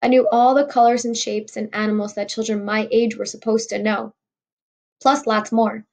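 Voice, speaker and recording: Gravelly woman reading a novel aloud. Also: fairly high pitch, little pitch movement, normal speed, darkish tone. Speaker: audiobook reader.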